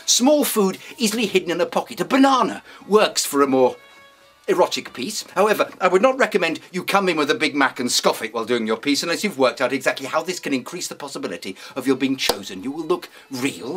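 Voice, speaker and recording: Male acting teacher, mock-serious lesson, deadpan, crisp bright tone. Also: fairly high pitch. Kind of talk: mock-serious instructional talk.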